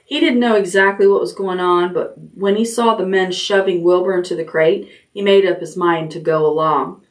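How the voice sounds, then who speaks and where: A woman librarian reading a children's chapter book aloud at bedtime, gently, raising her voice for the characters' lines. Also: fairly even intonation, moderate pace. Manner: gentle storytelling, lifts pitch for character lines.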